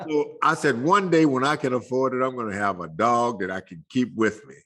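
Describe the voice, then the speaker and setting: Older guy telling folksy stories, slow and chuckly, bright punchy voice. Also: mid-range voice. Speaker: guest. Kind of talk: casual storytelling interview.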